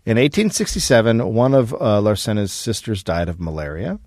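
A man co-hosting a comedy podcast who tells a history story in a casual, profane, laid-back way, often pausing with "um". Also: fairly low pitch, very animated, darkish tone, no room sound, studio quality.

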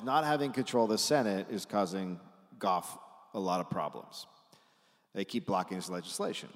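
A man hosting a comedy podcast live, telling a history story in an animated, casual way with dry asides and offhand swearing. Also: lowish voice. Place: stage at a live podcast taping. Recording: live show in a reverberant hall.

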